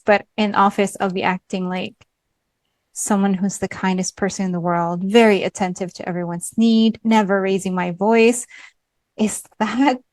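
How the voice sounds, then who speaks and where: A woman's voice: medium pitch, no echo. A woman hosting a podcast asks thoughtful questions in a mid-range voice. Her voice sounds close and dry, and she corrects herself now and then. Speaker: podcast host.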